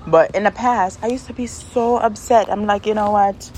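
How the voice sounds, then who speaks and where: A woman's voice: medium pitch, normal speed, low-quality recording. Woman host, casual venting monologue, outdoors on phone, faint traffic behind. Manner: rambling, venting, animated asides. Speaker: podcast host. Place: outdoors in the shade.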